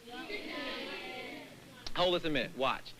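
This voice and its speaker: A man's voice: fairly high pitch, expressive, unhurried, noisy background. A man leading a dance lecture-demonstration on stage before an audience, counting beats and scatting rhythms aloud as he teaches. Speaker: dance company director.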